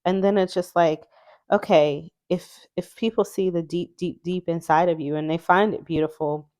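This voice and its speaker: A woman's voice: fairly low pitch, steady tone, moderate pace, a little mellow. Chatty woman musing over oracle cards. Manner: musing, chatty, reads card words aloud. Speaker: oracle deck reviewer. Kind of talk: casual unboxing chat.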